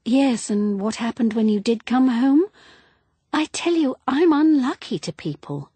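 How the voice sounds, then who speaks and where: An uneasy young wife with a husky, lively voice that rises and falls a lot, as a woman narrator reads her lines. She speaks softly and earnestly, and her superstitious streak colors every sentence of this audiobook scene. The dry recording keeps the husky grain close. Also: fairly high pitch, unhurried, no echo, pitched above the performer's own voice. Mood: despairing. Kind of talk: audiobook character reading.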